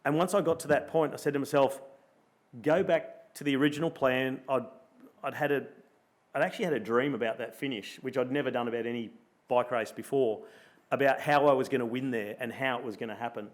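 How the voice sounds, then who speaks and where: A middle-aged Australian man, a former pro cyclist, telling a lively story at a luncheon and acting out his own thoughts as he goes. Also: mid-range voice, brisk. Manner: animated storyteller, acts out his own thoughts in quoted asides. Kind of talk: storytelling in a live interview. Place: luncheon event room.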